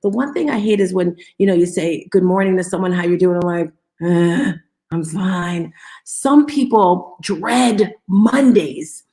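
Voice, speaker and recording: A woman's voice: on the low side, measured pace, dark tone. A woman hosting a live motivational morning talk, upbeat and coaxing as she draws listeners in and leads call-and-response. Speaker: host of a live audio room.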